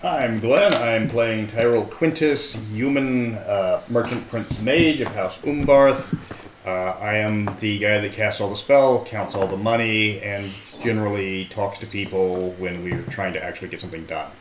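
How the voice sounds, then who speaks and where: A man's voice: fairly low pitch, unhurried, noisy background. A man playing at a tabletop game, explaining rules and lore in a wry, easygoing way. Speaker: player and game writer. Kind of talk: casual tabletop game chat. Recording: roomy table recording.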